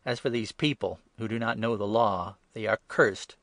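A man reading the lines of scornful male religious leaders with sharp questioning in a scripture reading. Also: on the low side, normal speed, no echo, clean studio sound.

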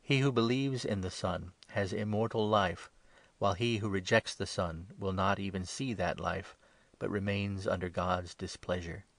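A man giving a measured, solemn scripted Bible reading. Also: low-pitched, fairly even intonation, dry recording. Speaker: scripture reader.

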